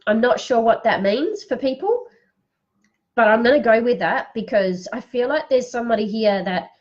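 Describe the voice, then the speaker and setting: Woman, psychic reader, tearful, slow soothing delivery, higher voice, dull live stream sound. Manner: slow, soothing, guiding breathing. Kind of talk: live-streamed spiritual reading.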